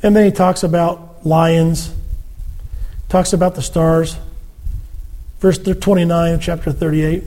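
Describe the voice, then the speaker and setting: High-voiced man preaching a sermon. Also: unhurried, pauses often. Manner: animated, acts out quoted speech.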